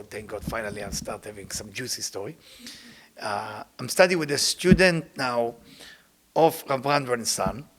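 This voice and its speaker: Husky gravelly guy teaching kabbalah, choppy non-native english, super lively pitch. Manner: lively, acts out quoted people, drops to a hush. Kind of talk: spiritual lecture.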